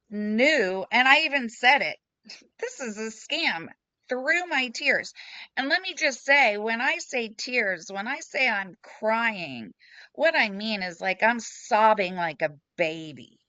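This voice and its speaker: A woman's voice: medium pitch, sharp tone, clean tone, no echo. A woman sharing her story frankly and emotionally in a group chat, blunt and self-deprecating, speaking from home over a video call. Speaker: support group member. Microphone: computer mic on a video call. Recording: slightly dull video call audio.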